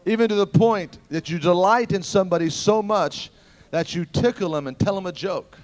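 A man preaching a sermon, telling stories in an animated way that swings from loud exclamations to hushed asides. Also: high voice, normal speed.

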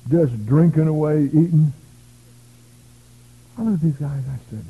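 Through tinny, phone-like lo-fi audio, an American man delivers a revival sermon full of stories and emphatic bursts of praise. He speaks a little slowly with long pauses, in a slightly rough, higher-pitched voice.

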